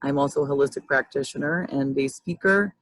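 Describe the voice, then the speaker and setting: A woman's voice: rumbling low, fairly quick, a bit bright, no room sound, low-quality recording. A woman in her fifties hosting a casual livestream chat over a video call, rambling and restarting often. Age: 50s. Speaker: host, life coach.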